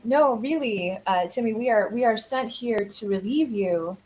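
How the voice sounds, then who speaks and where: A woman's voice: on the high side, moderate pace, a little mellow, a little hiss or hum, poor audio. A woman playing a tabletop game, coaxing and talking in character to a creature. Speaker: player.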